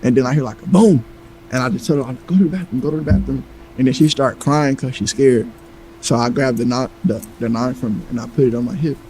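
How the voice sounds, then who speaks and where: A man casually telling a tense personal story, animated and profane, acting out what others said. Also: medium pitch, brisk, slight background noise, poor audio. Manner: animated, acts out quoted lines, heavy profanity.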